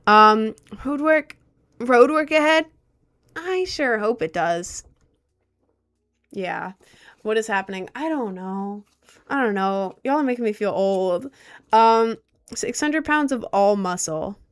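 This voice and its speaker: A young woman streamer whose natural voice sits on the low side, chatting casually and reacting aloud to her chat. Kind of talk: casual livestream chat reading comments.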